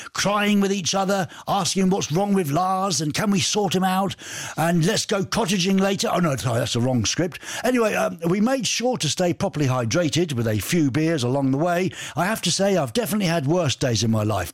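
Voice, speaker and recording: A man hosting a radio show, reading out listener messages with cheeky jokes and asides. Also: high-pitched. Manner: cheeky, joking, reads messages aloud with asides. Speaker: radio host.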